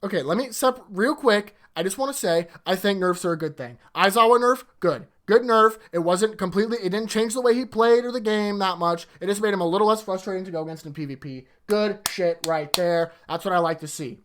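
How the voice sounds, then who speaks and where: A woman's voice: mid-range voice, a little fast, hardly any pauses. A woman gaming content creator delivering an exasperated, profanity-laced rant about a game. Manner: exasperated, swears freely. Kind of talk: ranting game commentary.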